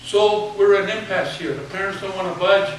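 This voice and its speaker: A man in his seventies with a high voice spins a humorous, folksy story for a room full of students. He sounds far from the mic in a very echoey hall. Clear background noise sits under his voice. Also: a little fast. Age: 70s. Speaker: retired teacher giving a speech. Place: large hall with an audience.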